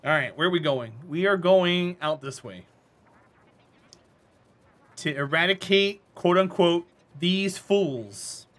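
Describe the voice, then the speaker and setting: A man's voice: fairly high pitch, expressive, takes it slowly, long pauses, a bit bright. A man with a North Carolina Southern accent, chatting and teasing viewers playfully while live-streaming a game. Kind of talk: live-streamed gameplay chat.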